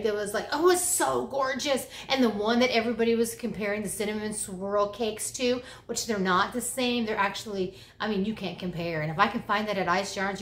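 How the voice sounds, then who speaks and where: Chatty, gasping grandmother vlogger, recorded in a reverberant room with faint background hiss. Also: on the high side. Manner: chatty and excitable, gasping and exclaiming, dropping to whispers. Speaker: crochet vlogger. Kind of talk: casual chat. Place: bedroom, indoors.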